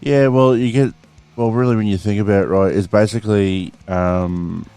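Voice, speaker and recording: A man's voice: on the low side, steady tone, moderate pace, warm tone, smooth, soft background music. A man hosting a podcast in casual chat, rambling with fillers and plenty of swearing. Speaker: podcast host.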